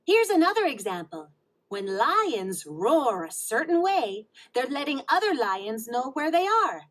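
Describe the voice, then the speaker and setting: A woman's voice: high-pitched, very animated, unhurried. A woman playing a kind, patient preschool teacher who explains things encouragingly in a storybook read-along.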